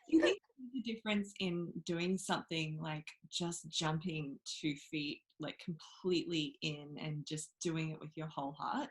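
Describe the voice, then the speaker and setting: A woman host with a low voice asks her guest a follow-up question. Her pitch rises and falls freely. She sounds relaxed and conversational. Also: low-quality recording. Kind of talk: casual interview chat.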